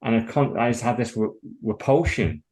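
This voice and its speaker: A man co-hosting a casual podcast, talking bluntly and with plenty of swearing, telling animated stories. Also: medium pitch, moderate pace. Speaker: podcast co-host.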